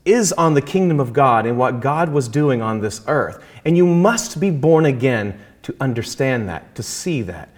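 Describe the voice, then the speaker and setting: Man, earnest faith talk, measured delivery, quotes scripture, stretches key words. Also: mid-range voice, animated. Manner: earnest, measured, slows down to stress key phrases; quotes scripture, halting restarts. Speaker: Christian guest speaker. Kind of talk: conversational teaching on faith.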